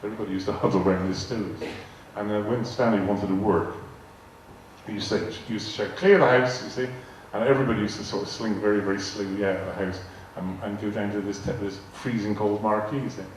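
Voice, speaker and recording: A little mellow, steady in tone, and fairly low in pitch, an older man's voice moves fast as he rambles through anecdotes for a live crowd. He repeats words and acts out the dialogue he quotes, speaking as a guest in a large arts hall. The mic is distant, with echo, faint noise, and audience laughter.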